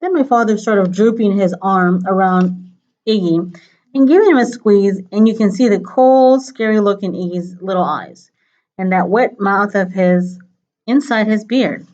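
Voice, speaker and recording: A woman reading a novel aloud in a steady, plain storytelling manner, on a dull lo-fi recording. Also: medium pitch, normal speed. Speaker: reader.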